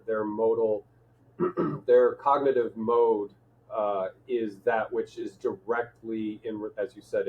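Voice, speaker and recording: A male podcast host talking in a thoughtful, halting way, with many fillers and restarts. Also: fairly low pitch, a little hiss or hum. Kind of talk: reflective conversational chat. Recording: tinny phone-like line.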